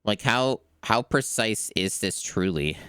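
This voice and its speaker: A man's voice: fairly low pitch, lively intonation, slow, background noise. A man streaming a video game, thinking aloud and chatting to his viewers in a casual, rambling way. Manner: talks to chat, mutters and thinks aloud. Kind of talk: casual gameplay commentary. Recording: game music playing behind.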